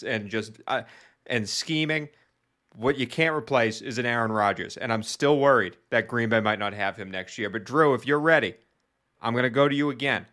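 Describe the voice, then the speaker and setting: A man's voice: medium pitch, fairly bright tone. A man hosting a casual sports podcast who gives his opinions firmly and hands the floor to his co-hosts. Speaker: podcast host.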